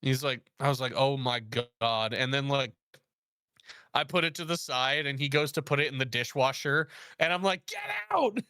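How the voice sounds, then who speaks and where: A man who works as a chef, telling a story in casual chat, animated, laughing often and acting out quoted dialogue. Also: medium pitch, moderate pace, clear, resonant tone, no room sound, clean studio sound. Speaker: guest, chef.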